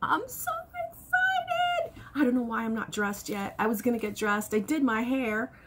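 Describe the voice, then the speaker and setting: A woman in her fifties chatting to camera in a casual vlog, telling stories with excitement. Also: on the high side, a little fast, slight background noise. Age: 50s. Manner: excitable, animated storytelling with laughs. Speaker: vlogger.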